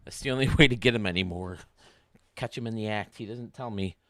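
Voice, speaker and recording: A man's voice: lowish voice, a little fast, fairly bright tone, no echo. A man hosting a casual livestream from home, chatting as he explains game menus step by step. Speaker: YouTube gaming streamer.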